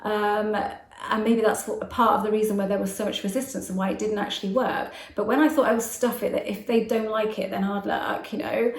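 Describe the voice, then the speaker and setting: A fast-talking English woman chats to the camera as a manifestation coach, her mid-pitched voice tumbling out quickly and breaking into laughs between phrases. The room around her sounds echoey. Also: steady tone. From West Country, England. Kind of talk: casual monologue to camera. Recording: roomy echo.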